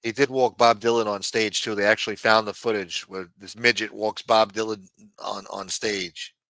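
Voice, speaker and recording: Lower, bright-toned male co-host. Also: flat delivery, moderate pace, no echo, low-quality recording. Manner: profane, offhand, muttering. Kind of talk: casual chat on a livestream.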